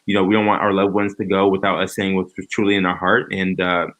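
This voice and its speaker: Guy chatting sincerely, lowish voice, kinda halting. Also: flat delivery, fairly bright tone. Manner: earnest, reflective, many restarts and "like". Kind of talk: casual chat.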